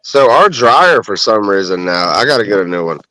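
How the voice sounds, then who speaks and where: A man's voice: lowish voice, very animated, moderate pace, pushed and bright, dry recording, low-quality recording. A man in casual chat, telling crude, laughing stories with lots of swearing.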